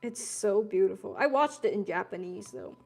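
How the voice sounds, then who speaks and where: A woman's voice: mid-range voice, animated, moderate pace, gravelly, a little mellow, faint music behind. A young woman streaming while she draws, chatting in a laid-back, rambling way with casual swearing and Gen Z slang. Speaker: streamer drawing live. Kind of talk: casual chat while drawing.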